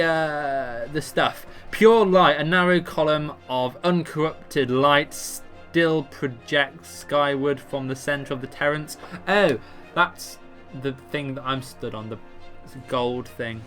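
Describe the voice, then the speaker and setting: A man narrates his gameplay in an offhand, jokey way, reading ability text and tripping over words. His voice is bright and forward, and faint music sits under it. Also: a little high, slow. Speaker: gamer explaining a raid boss. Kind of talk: casual gameplay commentary, reading abilities aloud.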